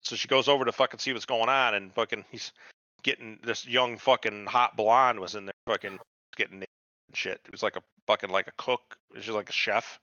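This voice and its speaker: A male podcast co-host casually recaps a TV show, swearing heavily and doing quoted voices. His lowish voice is steady, brisk, bright and forceful, recorded lo-fi with no echo.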